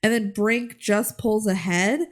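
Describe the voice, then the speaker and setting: A woman's voice: mid-range voice, unhurried. A young adult woman co-hosting a podcast who recaps a movie casually and retells the scenes with lots of animation. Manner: animated storyteller, retells scenes with quoted voices. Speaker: podcast co-host.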